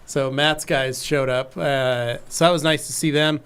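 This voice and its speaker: A man's voice: medium pitch, fairly even intonation, measured pace, fairly bright tone, clean tone. A man co-hosting a podcast, giving an easygoing recap of the week in casual chat. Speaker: podcast co-host.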